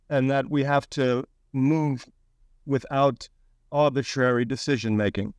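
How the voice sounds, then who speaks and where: A man taking part as a call-in guest on a comedy show, giggly and speaking slowly and deliberately. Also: mid-range voice, steady tone, no room sound, studio quality. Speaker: caller guest.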